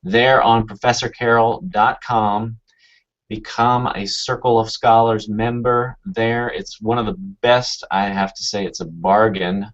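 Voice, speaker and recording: A man's voice: lowish voice, fairly even intonation, unhurried. A man hosting a casual online chat, easygoing and hesitant with many fillers. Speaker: show host. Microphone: video call. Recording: dull lo-fi video call audio.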